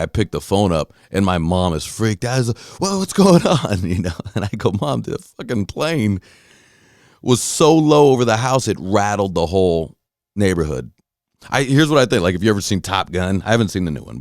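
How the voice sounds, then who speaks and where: A deep-voiced man tells a story in a loose, animated podcast rant, swearing freely and acting out his own shouts and reactions. His voice is low and heavy. The recording is dry and close, with no room sound. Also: dry recording. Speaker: podcast host. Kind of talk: casual monologue storytelling.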